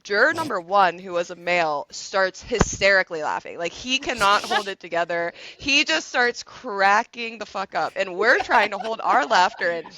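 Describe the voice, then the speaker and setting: A woman, a public defender, retelling a courtroom moment on a podcast, expressive, giggly and casually profane. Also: mid-range voice, moderate pace, hardly any pauses, a little hiss or hum, low-quality recording.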